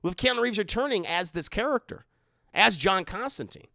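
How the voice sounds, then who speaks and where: A man live-streaming rambles through casual commentary and reads out his chat, often stumbling and repeating words. His high-pitched voice is animated, creaky, bright and forceful at normal speed. The recording is dry and studio quality.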